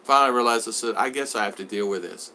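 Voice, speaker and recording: Here a vlogger reads his live chat aloud from home and replies in a loose, rambling style, often restarting and repeating himself. His pitch sits fairly low, yet the voice comes across bright and forward, and he talks in rapid-fire bursts.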